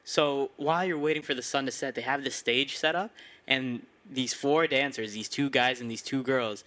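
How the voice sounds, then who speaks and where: A man's voice: medium pitch, normal speed, a bit bright. A man hosting a podcast, laid-back and agreeable in casual chat, recounting a trip. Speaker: podcast host.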